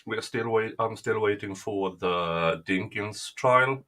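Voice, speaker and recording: A man hosting a casual live stream, talking haltingly with many fillers. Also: fairly low pitch, sharp tone. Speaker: stream host.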